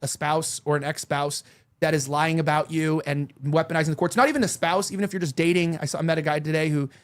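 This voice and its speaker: A man's voice: fairly high pitch, fairly even intonation, fast talker. A man in his thirties hosting a talk show, chatting candidly and rambling with lots of fillers and restarts. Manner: candid, confiding tone. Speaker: show host. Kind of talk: casual chat.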